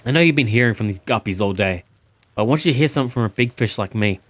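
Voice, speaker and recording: A man voicing a cocky male killer from a dating game, boasting in a low, slow swagger. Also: lively intonation, no echo, close to an everyday voice. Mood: smug.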